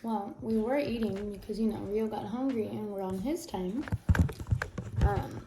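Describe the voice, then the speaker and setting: A woman's voice: mid-range voice, steady tone, a little slow, heavy background noise. A woman vlogging casually at home, a mother of a toddler who explains things in a chatty way, with fillers and restarts. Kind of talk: casual home vlog talk. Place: home, indoors.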